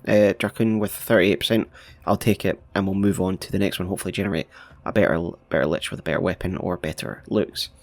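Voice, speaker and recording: A man chats through his gaming session in a relaxed, unscripted way, tossing in playful asides. His voice sits low with a gravelly edge. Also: quick pace. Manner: chatty, laid-back, with frequent fillers and playful asides. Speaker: gaming YouTuber. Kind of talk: casual gameplay commentary.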